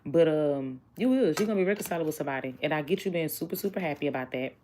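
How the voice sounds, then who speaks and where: Woman, low voice, casual tarot reading, joking, noisy recording. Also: expressive, rapid-fire. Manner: chatty, blunt and joking, talks to viewers as y'all. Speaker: tarot reader.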